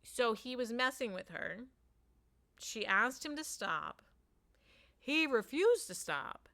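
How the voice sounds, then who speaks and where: A woman's voice: on the high side, sing-song, takes it slowly, creaky, fairly bright tone. A woman telling a parenting story in a casual monologue, with lots of "like" fillers, acting out what people said. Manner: chatty, acts out quotes, many "like" fillers.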